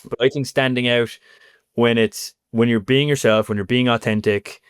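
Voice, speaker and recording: A man's voice: mid-range voice, moderate pace, smooth, no room sound, studio quality. A man in his thirties from Cork with an Irish accent, talking casually as an interview guest and filling his talk with "you know" and "like". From Ireland. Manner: chatty, animated, lots of fillers like "you know".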